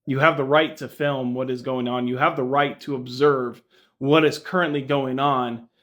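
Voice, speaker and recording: A man's voice: mid-range voice, steady tone, normal speed, a bit bright. A man giving earnest, emphatic video commentary and calling on viewers to comment. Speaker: social media commentator. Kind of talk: slow deliberate commentary.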